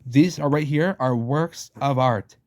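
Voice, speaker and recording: A man's voice: mid-range voice, unhurried, darkish tone. Man ranting emphatically over book pictures. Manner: emphatic, repetitive, swears casually; slangy, addresses listener as "baby". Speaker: channel host.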